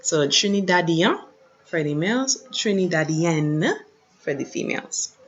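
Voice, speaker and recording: Slow, low-voiced woman teaching French. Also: animated, lo-fi sound. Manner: patient, repeats words slowly for pronunciation. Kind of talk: online lesson over shared slides.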